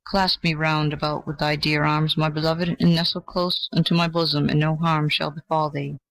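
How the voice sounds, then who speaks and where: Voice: medium pitch, level tone, moderate pace, creaky, a bit bright, no room sound, poor audio. A reader voicing an old, loving male oak tree in a storybook, solemn and protective. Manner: solemn, archaic. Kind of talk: storybook reading.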